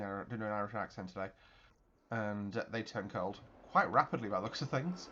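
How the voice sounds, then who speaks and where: A man hosting his channel, giving chatty, excitable gameplay commentary with mouth-made explosion noises. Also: lowish voice, moderate pace, highs cut off. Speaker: video game channel host.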